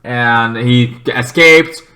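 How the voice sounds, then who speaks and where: A man casually reviewing TV episodes alone, rambling with many fillers and breaking into shrill, shouted impressions of the characters. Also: drawn-out words, faint music behind.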